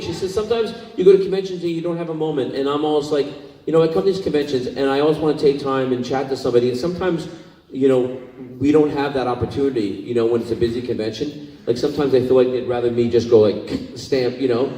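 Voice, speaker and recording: A man's voice: medium pitch, fast talker, mellow. A man from Scotland, a guest actor at a convention panel, telling emotional stories full of fillers. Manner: rambling, emotional, many fillers. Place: convention hall. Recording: echoey hall, distant mic.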